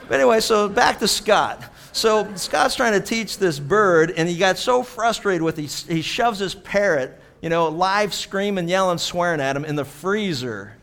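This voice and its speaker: A man's voice: high-pitched, lively intonation, a little slow, few pauses, fairly bright tone. A man from Pittsburgh, a pastor, telling a story in a chatty sermon full of "you know" asides.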